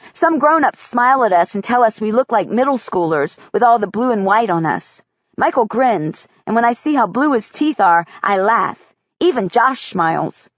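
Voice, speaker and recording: A woman reading a first-person audiobook in a measured, quiet way. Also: medium pitch, no echo, dull audio. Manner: measured, quiet child's-eye telling. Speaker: audiobook narrator.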